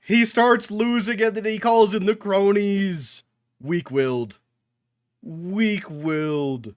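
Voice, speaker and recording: A man's voice: sits high, level tone, a little slow, no room sound. A young man giving casual reaction commentary while watching anime, talking back to the screen with jokes and swearing.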